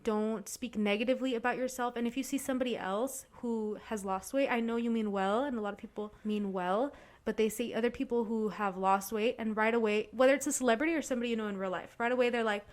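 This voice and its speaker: Earnest young woman with a higher voice. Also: steady tone, fast talker. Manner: earnest, advising the listener directly. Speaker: podcast co-host. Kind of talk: casual chat.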